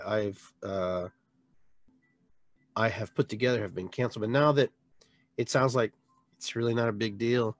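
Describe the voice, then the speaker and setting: A man hosting a live show as a shaman, talking in a heartfelt, rambling way with many restarts, jumping from loud bursts down to quiet trailing words. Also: on the low side, no echo. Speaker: podcast host and shaman. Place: local area with a reservoir, addressing live viewers.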